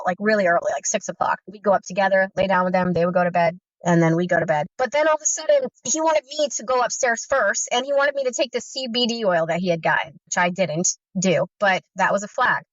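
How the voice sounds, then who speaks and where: A woman recounting her own story in earnest personal testimony, halting, with frequent fillers and restarts. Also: medium pitch, no echo. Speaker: guest survivor recounting abuse. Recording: muffled, dry recording.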